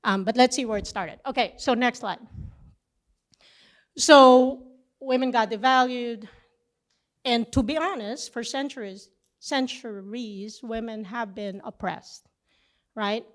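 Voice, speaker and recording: A middle-aged woman teaching a church session, telling a personal story with lively back-and-forth dialogue. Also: a little high, unhurried, long pauses. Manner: animated storytelling, acting out both sides of a conversation.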